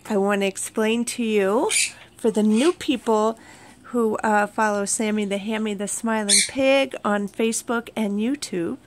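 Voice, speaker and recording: Woman at home with a slow, gravelly voice, chatting to her pets, all soft and doting. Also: a little high, a little hiss or hum. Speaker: pet owner vlogger. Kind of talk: casual talk to pets and viewers. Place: at home indoors, early morning.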